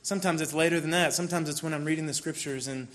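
High-voiced man telling a candid sermon story. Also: fairly even intonation, rapid-fire, fairly bright tone. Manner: conversational storytelling with bursts of mock frustration. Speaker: pastor.

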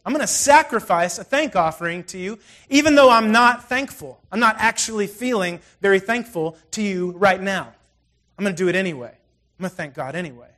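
A middle-aged male pastor preaching a sermon in a conversational, animated way, full of asides and storytelling. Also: high voice.

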